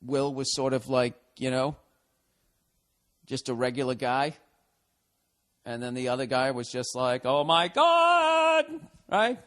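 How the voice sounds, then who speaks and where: A man's voice: medium pitch, flat delivery, a little slow, long pauses. A man, a podcast host, reading out a listener email and answering it with rambling, profane sarcasm.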